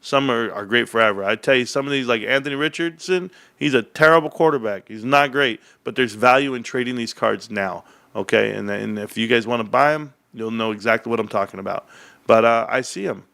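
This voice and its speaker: A man's voice: mid-range voice, fairly quick, gravelly. A man hosting a casual livestream, rambling and joking as he chats and reads the chat. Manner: rambling, animated, jokey. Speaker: livestream host.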